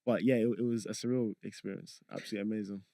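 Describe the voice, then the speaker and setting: A young man talking as a guest on a podcast, relaxed and rambling, with frequent fillers. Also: lowish voice, rapid-fire, no room sound. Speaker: guest, content creator. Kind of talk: casual podcast chat.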